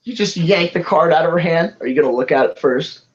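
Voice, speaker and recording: A game master narrates a tabletop game in a loose, rambling way, restarting sentences as the scene unfolds. The voice sits at a middle pitch, and the lo-fi recording sounds dull. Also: a little fast, breathy edge.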